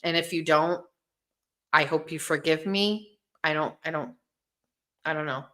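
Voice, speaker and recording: Female host, casual stream chat; blunt and profane, rambles, somewhat low voice. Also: a little slow, sharp tone. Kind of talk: casual livestream talk to viewers.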